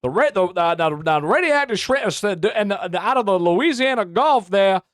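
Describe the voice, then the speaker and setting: A man voicing a blustering, loud, rambling cartoon rooster in a put-on Southern drawl, stammering as he goes. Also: high voice, animated, dry recording, studio quality, pitched above the performer's own voice. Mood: blustery. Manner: stammering, halting delivery.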